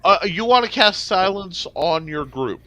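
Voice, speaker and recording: High-voiced game master man. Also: lively intonation, unhurried, bright, forceful tone. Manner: loose, profane and joking. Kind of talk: narrating a tabletop game.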